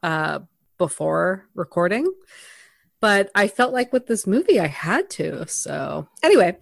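A woman co-hosting a casual podcast, playful and animated. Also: fairly low pitch, a little slow, creaky, no echo, clean studio sound. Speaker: podcast co-host. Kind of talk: casual chat.

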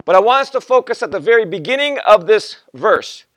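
Guest pastor guy in his 50s, really high voice, stumbles over words, tells stories in his sermon, dry sound. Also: expressive, fairly quick, fairly bright tone, no echo. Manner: storytelling with acted quotes, conversational and repetitive; stammers and restarts often.

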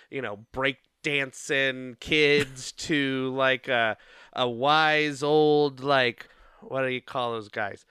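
Male co-host, mid pitch, bright and clear, dry close recording; loose, giggly storyteller. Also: dry recording. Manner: rambling and playful, laughs often, many fillers. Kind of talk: casual chat, rambling plot retelling.

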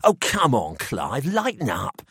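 A man's voice: mid-range voice, wildly swooping pitch, a little slow, fairly bright tone, slightly rough, no echo, studio quality, full character voice. A man voicing an eager, easily startled young male student. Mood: excited.

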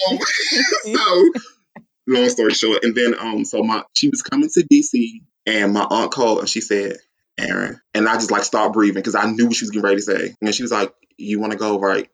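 A man telling a long, excited story in casual chat, acting out quotes and laughing often. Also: a little fast. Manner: excitable, acts out quotes with big pitch jumps. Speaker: guest, superfan.

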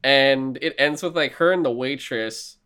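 A man's voice: mid-range voice, measured pace, bright, forceful tone, clear, resonant tone. Eager man in casual chat. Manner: eager, swears casually, laughs often.

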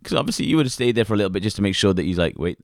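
A man co-hosting a podcast, crude and animated, acting out the people he quotes. His low voice swings widely in pitch. The recording is dry and close. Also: rapid-fire, gravelly, no room sound. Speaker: podcast co-host. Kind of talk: casual banter.

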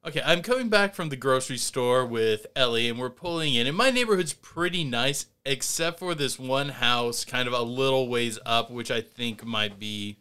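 A man co-hosting a podcast, telling stories in a laid-back, animated way. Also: medium pitch, normal speed, few pauses, smooth. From Indiana, US. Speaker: podcast co-host. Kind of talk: casual chat, storytelling.

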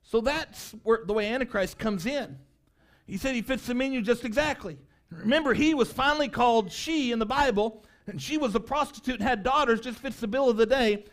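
Man, preacher, very high-pitched voice, fiery sermon, impassioned, rhetorical questions. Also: a little fast. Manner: builds to impassioned shouting, rhetorical questions to congregation; high-pitched, emphatic, sweeps between quiet and loud.

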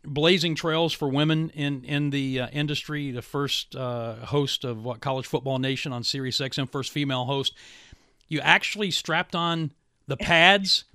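A man hosting a radio talk show, interviewing a guest in a chatty, quick-talking way. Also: medium pitch, sharp tone, clean tone, no echo, studio quality. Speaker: host.

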